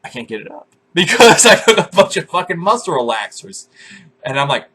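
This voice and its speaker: Guy in his 20s, husky tone, swears constantly, laughs a lot, suddenly yells when acting out scenes. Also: high voice, sing-song, fairly quick. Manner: profane, laughs often, bursts into loud acted shouts. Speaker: vlogger. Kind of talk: crude comic storytelling.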